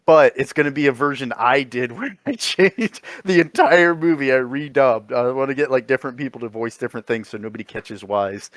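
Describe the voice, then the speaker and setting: A man's voice: mid-range voice, brisk, a bit bright, dry recording, clean studio sound. A man co-hosting a comedy podcast, chatting casually in a rambling way, often laughing and swearing. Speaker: podcast co-host.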